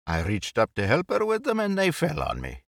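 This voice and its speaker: A man voicing a cheerful, tipsy young gentleman who talks in a rambling, affectionate way. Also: on the high side, wildly swooping pitch, fairly quick, no room sound, studio quality, pitched above the performer's own voice.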